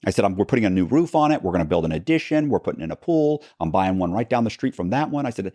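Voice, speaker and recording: A man recounting his past as a podcast guest, telling it with lots of quoted back-and-forth and quick restarts. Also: on the low side, no echo. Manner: animated retelling with quoted dialogue and frequent restarts. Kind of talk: storytelling in a long-form interview.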